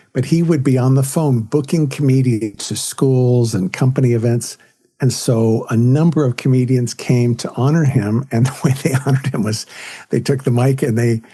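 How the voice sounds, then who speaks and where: A man's voice: mid-range voice, warm tone. A man, a comedian and author, telling anecdotes and jokes as a podcast interview guest. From California, USA. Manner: anecdotal, tells jokes with quoted voices.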